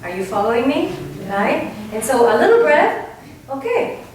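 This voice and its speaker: A woman vocal coach from Argentina leads a singing workshop, teaching in a lively way and often checking in with "right?". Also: high voice, normal speed, slight background noise. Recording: distant mic in a very echoey room.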